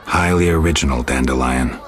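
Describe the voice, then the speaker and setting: A man's voice: extremely low pitch, fairly quick, a faint crowd. A man voicing a weary, stoic male monster hunter who speaks in a dry, terse, sardonic way. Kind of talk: video game voice acting.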